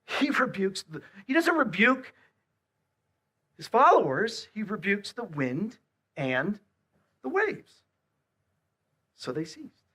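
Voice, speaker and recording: A man preaching a sermon, swinging between hushed, quiet lines and loud, emphatic repeated questions. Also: high voice, sing-song, slow pace, long pauses, slightly rough. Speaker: pastor.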